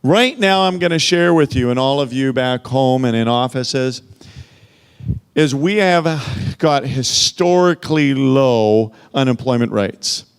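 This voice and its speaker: A man's voice: medium pitch, expressive, measured pace, clear, resonant tone. A man giving a motivational sales training, emphatic and full of rhetorical questions, speaking into a handheld microphone. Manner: emphatic, peppered with rhetorical "okay?" and "right?".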